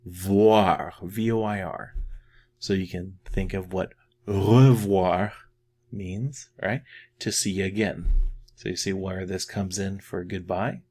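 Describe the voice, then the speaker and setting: A middle-aged man teaching a French lesson, patiently repeating each phrase slowly and more loudly so learners can practice. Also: sits low, fairly even intonation. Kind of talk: slow spoken language lesson.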